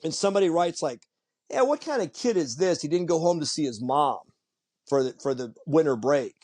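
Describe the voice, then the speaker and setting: A podcast guest with a slightly high, brisk voice tells stories in a casual chat. He's animated and acts out the voices of the people he quotes.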